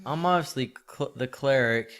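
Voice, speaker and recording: A man playing a tabletop game, chatting casually and joking with quick questions. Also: medium pitch, fairly bright tone. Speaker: player.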